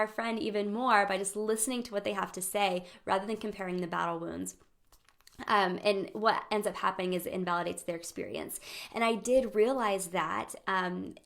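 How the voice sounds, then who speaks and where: A young woman hosting a casual live-streamed talk on friendship, animated, laughing often and acting out quoted voices. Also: medium pitch, gravelly. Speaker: host of a friendship training.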